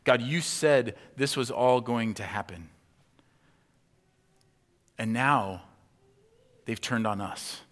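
A man's voice: mid-range voice, slow, pauses often, a bit bright. A man preaching a sermon to his congregation, animatedly acting out imagined indignant reactions. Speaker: pastor. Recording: long hall reverb.

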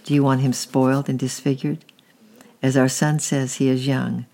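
A storyteller voicing a gentle Roman wife who speaks softly and timidly to her husband. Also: mid-range voice, little pitch movement, moderate pace, creaky, close to an everyday voice. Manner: soft, timid.

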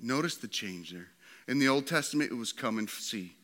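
A pastor preaching a sermon to his church, swinging from loud and excited to quiet and hushed. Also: mid-range voice, fairly quick.

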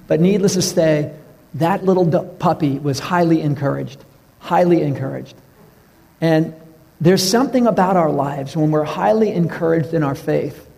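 A man preaching a sermon, telling stories in an earnest way and dropping his voice low for the tender parts. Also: slightly rough. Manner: storytelling, earnest, drops to a hush for tender moments. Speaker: pastor. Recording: reverberant hall.

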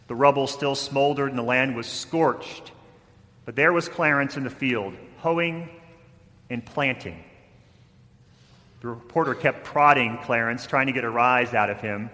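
Bright-voiced male preacher in a hall. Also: medium pitch. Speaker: pastor. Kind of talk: sermon.

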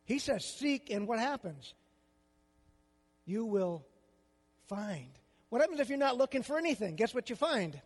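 A man's voice: very high voice, big pitch swings, measured pace, long pauses, husky, long reverb tail. An older man preaching a sermon as a pastor, with a conversational style full of rhetorical questions.

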